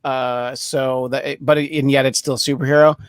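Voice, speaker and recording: A man hosting a podcast in casual chat, rambling and joking with many filler pauses. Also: mid-range voice, little pitch movement. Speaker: podcast host.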